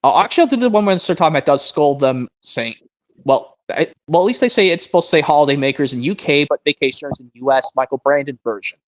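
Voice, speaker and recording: A man's voice: a little high, animated. A young man streaming a casual chat, rambling and restarting his sentences as he compares versions of a show. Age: young adult. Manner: rambling, restarts sentences, reads narration aloud slowly. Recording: muffled lo-fi stream audio.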